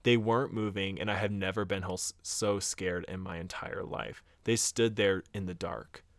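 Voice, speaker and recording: A man's voice: low-pitched, fairly even intonation, normal speed, dry recording. Man retelling a spooky story. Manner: retells a scary story, acting out quotes, laughing, swearing. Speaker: podcast co-host. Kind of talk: casual storytelling chat.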